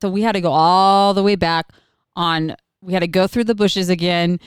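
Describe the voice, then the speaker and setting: Animated woman telling a wild story. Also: on the low side, moderate pace, smooth, no echo, clean studio sound. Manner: animated, swears freely, laughs mid-story. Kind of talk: casual storytelling chat.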